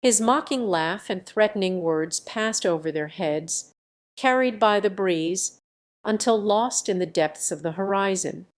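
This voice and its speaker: A woman's voice: mid-range voice, measured pace. Woman narrating a classic novel. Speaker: audiobook narrator. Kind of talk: scripted narration.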